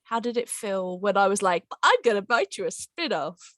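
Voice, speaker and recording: A woman's voice: mid-range voice, animated, moderate pace, fairly bright tone, no room sound. A woman hosting a casual podcast chat about her audio drama, bubbly and rambling, laughing often between fillers. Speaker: podcast host and writer-director.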